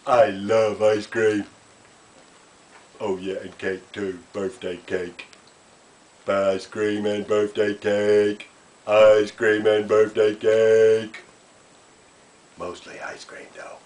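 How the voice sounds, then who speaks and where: A man voicing a cheerful male puppet who talks slowly and keeps repeating himself. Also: fairly low pitch, completely flat delivery, darkish tone. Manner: slow, cheerful, repetitive.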